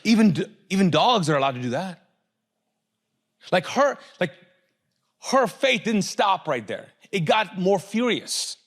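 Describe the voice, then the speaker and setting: A middle-aged male pastor with a high voice preaches a sermon at a measured pace, leaving long pauses. He is animated, asks the congregation questions, and acts out the voices of people in the story.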